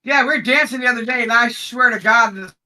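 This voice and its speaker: A man co-hosting a livestream, loud and profane, often laughing as he talks. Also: very high voice, fast talker, slight background noise. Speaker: livestream co-host. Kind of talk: crude joking livestream banter.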